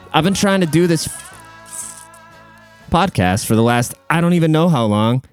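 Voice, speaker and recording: A man's voice: fairly high pitch, expressive, takes it slowly, gravelly, long pauses, darkish tone, faint music behind. A man hosting a casual solo podcast from a room at home, rambling bluntly and swearing freely. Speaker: podcast host.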